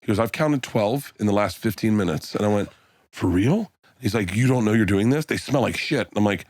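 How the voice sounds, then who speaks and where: A comedian telling stories in a casual podcast chat, acting out quotes and laughing loudly. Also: male voice, lowish voice, fast, dry recording, clean studio sound. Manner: animated storyteller, acts out quotes, laughs loudly.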